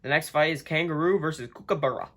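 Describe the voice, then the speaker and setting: A man's voice: a little high, fast talker, a bit bright. A man hosting a video, reading a children's book aloud in a casual way, often tripping over words and chuckling as he goes, recorded on a phone.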